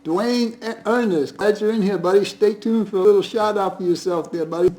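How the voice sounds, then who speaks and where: A man's voice: high-pitched, a little fast, a little mellow, rough recording. A man hosting a casual live stream from home, greeting viewers one by one in a friendly, chatty way with frequent chuckles. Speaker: livestream host.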